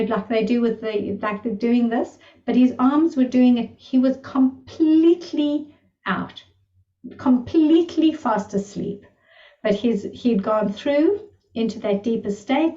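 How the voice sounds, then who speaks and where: A woman shares healing stories in a casual online lesson, her voice mellow and full of wonder. She sits back from the mic, and the sound is roomy and a little dull. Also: on the high side. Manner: enthusiastic, marvelling storyteller. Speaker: energy healing teacher. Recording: distant, roomy, slightly dull recording.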